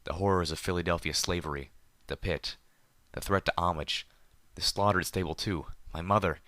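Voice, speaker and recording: A man reading a story aloud in the first person with a measured, deliberate delivery. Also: low voice, pushed and bright, dry recording, studio quality. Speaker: audiobook narrator.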